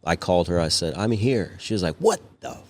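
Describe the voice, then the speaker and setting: A man's voice: low-pitched, a little fast, slight background noise. A young adult man, a podcast guest, telling a story in casual chat, swearing freely and acting out the voices of the people in it. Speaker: podcast guest, cigar company owner.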